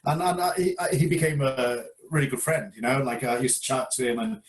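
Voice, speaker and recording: A man from England who teaches karate speaks a little fast in a medium-pitched voice. Chatting casually over a beer, he recounts a story hesitantly and reflectively, often repeating himself.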